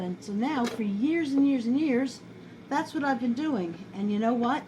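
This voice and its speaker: A woman's voice: high voice, normal speed, a little mellow, poor audio. A middle-aged woman with a New York accent, chatting and rambling as she cooks in her home kitchen, often poking fun at herself. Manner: chatty, rambling, self-deprecating. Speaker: home cook vlogger. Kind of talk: casual cooking chat to camera. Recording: home video with clear background noise.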